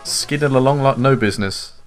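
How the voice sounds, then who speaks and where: A man's voice: mid-range voice, normal speed, faint music behind. A man giving jokey, casual commentary over a game he is playing, swearing offhandedly. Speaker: let's play commentator.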